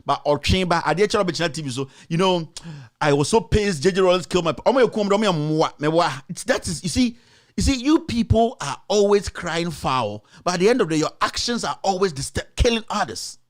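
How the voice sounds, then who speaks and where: A man's voice: high-pitched, animated, moderate pace. A man with a Ghanaian accent giving passionate political commentary as a talk show host, answering his critics directly with repeated rhetorical questions. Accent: Ghanaian English.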